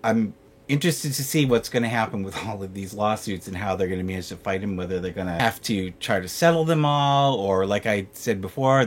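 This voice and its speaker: A man talking casually at home on his vlog about his rescue cats, chatty and repeating himself. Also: lowish voice. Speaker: vlogger and cat rescuer.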